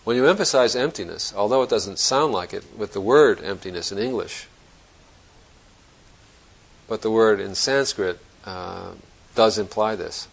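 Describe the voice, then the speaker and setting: Low gravelly-voiced man giving a dharma talk. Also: measured pace, poor audio. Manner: reflective, searching, conversational with restarts. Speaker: Zen teacher.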